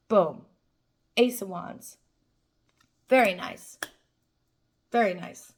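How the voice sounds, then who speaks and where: A young woman giving a spiritual tarot reading to her viewers, enthusiastic and affirming, often saying "like" and "boom". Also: very slow, pauses often, slightly rough. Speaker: tarot reader.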